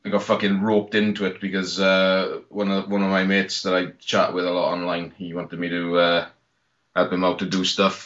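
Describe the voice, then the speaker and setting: A man's voice: low-pitched, fairly bright tone. A man from Britain chatting as a podcast guest, rambling and swearing, laughing often. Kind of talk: casual chat. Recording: dull lo-fi podcast audio.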